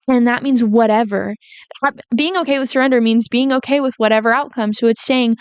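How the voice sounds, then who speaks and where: A woman's voice: fairly high pitch, brisk, smooth, no room sound. A young woman in her twenties hosting a heartfelt, faith-based podcast monologue, talking earnestly with fillers and repeats. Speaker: podcast host.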